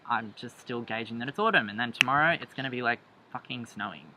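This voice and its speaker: A young man, chatting through a date story in a lively, jumpy way. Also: mid-range voice, fast, background noise. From Australia. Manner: animated, jumps into quoted voices, laughs a lot. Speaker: vlogger. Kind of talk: storytime chat.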